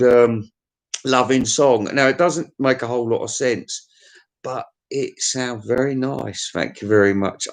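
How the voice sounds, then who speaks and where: A man giving a rambling, blunt, sweary music review, often stammering and restarting. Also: medium pitch. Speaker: album reviewer. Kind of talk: rambling casual review monologue.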